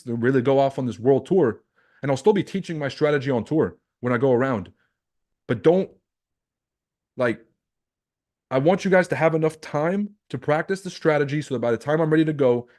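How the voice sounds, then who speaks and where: A man's voice: fairly high pitch, darkish tone. Blunt, profane man coaching live. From Lebanon. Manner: talks straight to viewers, rhetorical questions. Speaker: trading coach and livestream host. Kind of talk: livestream coaching talk.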